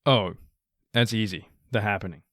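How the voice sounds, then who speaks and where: Laid-back low-voiced man podcast co-host. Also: fairly bright tone, dry recording, clean studio sound. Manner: laid-back, halting with fillers, laughs. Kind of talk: casual movie-review chat.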